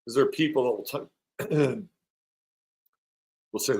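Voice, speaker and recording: A man's voice: medium pitch, slow pace, creaky, long pauses, darkish tone, rough recording. A middle-aged man hosting an astrology live stream, chatting playfully and rambling as he reads viewer comments aloud. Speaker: astrologer host.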